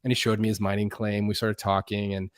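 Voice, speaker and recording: A man, a guest YouTuber, telling stories in an animated way on a video call, with lots of fillers and restarts. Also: lowish voice, fast talker, no echo, clean studio sound. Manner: many fillers and restarts, acts out quoted voices. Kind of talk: animated storytelling.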